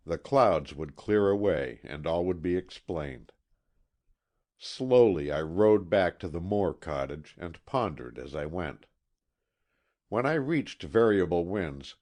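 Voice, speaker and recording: A man reading a classic mystery novel aloud as an audiobook narrator, measured and expressive. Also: sits low. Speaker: audiobook reader.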